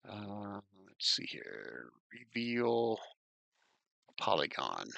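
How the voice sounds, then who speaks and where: A man's voice: fairly low pitch, sing-song, very slow, gravelly, sharp tone, no room sound, muffled recording. A man acting as game master, running an online tabletop game in a chatty, joking way and thinking aloud as he works the map.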